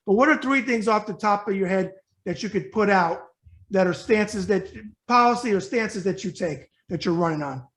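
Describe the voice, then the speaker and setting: A male web show host from New York asks his guest questions. He talks fast and bluntly in a high voice and repeats his points for emphasis. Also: fairly bright tone. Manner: blunt, rapid, emphatic and repetitive. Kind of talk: casual interview.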